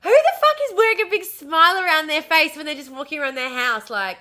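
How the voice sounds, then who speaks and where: Australian woman streamer, casual and swearing, higher pitch, bright tone. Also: expressive, fast. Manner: chatty, swears freely, speaks with a smile. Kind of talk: casual livestream chat. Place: home room. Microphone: desk mic at home.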